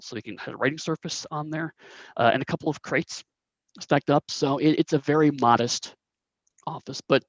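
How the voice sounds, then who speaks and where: A man's voice: mid-range voice, no room sound, highs cut off. A man narrating a tabletop game as game master, rambling with many fillers and restarts.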